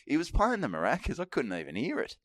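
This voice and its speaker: A man's voice: mid-range voice, huge pitch swings, fast. An Australian man co-hosting a podcast, telling stories in casual, sweary chat and often laughing. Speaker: podcast co-host.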